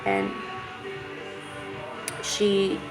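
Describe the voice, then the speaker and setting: A woman telling a painful personal story to camera in a halting, candid way, with many fillers and restarts. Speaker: vlogger. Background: music playing.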